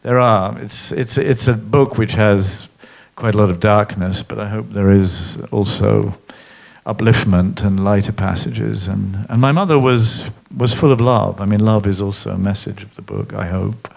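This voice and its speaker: A man's voice: lowish voice, steady tone, moderate pace, vocal fry. A middle-aged man being interviewed on stage, telling stories in a reflective way with many fillers and restarts. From Britain. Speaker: guest, columnist and author. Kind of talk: live interview at a public event.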